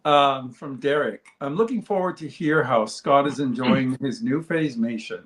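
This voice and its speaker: A man co-hosting a casual livestream, telling a story in a relaxed way. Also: medium pitch, normal speed, few pauses. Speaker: co-host.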